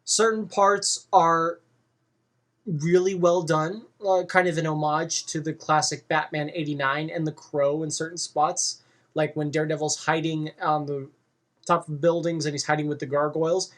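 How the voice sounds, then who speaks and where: A movie reviewer giving a casual spoken review, rambling and halting with frequent fillers. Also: mid-range voice, flat delivery, a bit bright.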